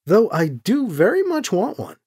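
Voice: mid-range voice, huge pitch swings, normal speed, darkish tone, breathy edge. A reader voicing a scheming heretic who speaks stiffly and formally, without contractions. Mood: sly, formal. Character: formal chaos-loving heretic, calm and scheming.

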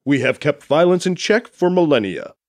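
A man voicing a proud, solemn male alien captain who speaks in a formal, measured way. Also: a little high, animated, darkish tone, no room sound, clean studio sound, close to an everyday voice.

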